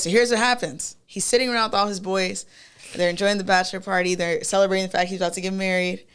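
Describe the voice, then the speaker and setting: A woman's voice: lowish voice, normal speed, clean tone. A young woman, a podcast guest, telling a story in casual chat and acting out the people in it. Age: young adult. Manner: lively storyteller, acts out quoted voices.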